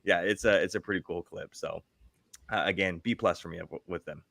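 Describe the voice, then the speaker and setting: Low-voiced man giving casual football picks. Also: fairly quick, gravelly, no echo, clean studio sound. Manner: relaxed, rambling, frequent fillers. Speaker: podcast co-host. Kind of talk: casual sports chat.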